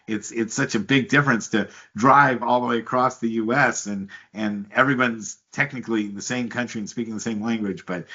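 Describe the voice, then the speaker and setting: Us podcast host guy, bright edgy voice, rambles and repeats himself, lo-fi sound. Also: mid-range voice, steady tone, fairly quick, few pauses. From United States. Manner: talkative, repeats words, asks long questions. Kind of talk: casual interview chat.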